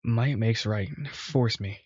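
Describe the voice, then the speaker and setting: Man doing a huge devoted bull-man, low husky voice, dry lo-fi sound, game read-through. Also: fairly even intonation, takes it slowly, a little mellow, dry recording. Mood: teasing. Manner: earnest, formal, then playfully defiant. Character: huge devoted male minotaur, teasing and strong.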